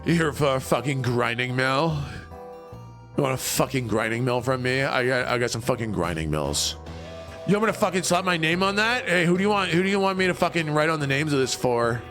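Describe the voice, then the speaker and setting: A man's voice: mid-range voice, animated, a bit bright, faint music behind, pitched below the performer's own voice. A man doing a foul-mouthed, sassy woman merchant. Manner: profane, rapid-fire, scornful.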